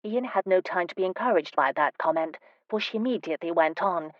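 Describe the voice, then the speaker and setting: A woman with a lowish voice reads a historical romance in calm, even narration. The recording is close and dry, with a slightly dull, muffled top end. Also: a little fast, no room sound. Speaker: audiobook narrator. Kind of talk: scripted narration.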